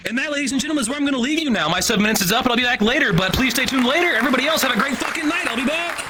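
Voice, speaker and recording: Bright-voiced profane stand-up man. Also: extremely high pitch, rapid-fire, breathy edge. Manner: profane, animated, swings between voices for quoted people. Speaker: stand-up comedian. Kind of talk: stand-up storytelling. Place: comedy talent show stage.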